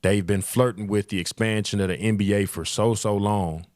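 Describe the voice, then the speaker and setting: Host, easygoing and cocky, low voice, dry close mic. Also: male voice, fairly even intonation, moderate pace, a little mellow, dry recording. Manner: boastful, laid-back banter with laughs. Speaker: show host. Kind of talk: casual sports chat.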